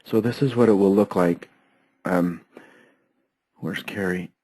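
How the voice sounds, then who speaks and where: A man teaching accounting software step by step, his voice hoarse and often interrupted by throat clearing. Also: sits low, measured pace, dry recording, rough recording. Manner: steady, methodical step-by-step explaining. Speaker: software trainer. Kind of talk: screen-share software tutorial.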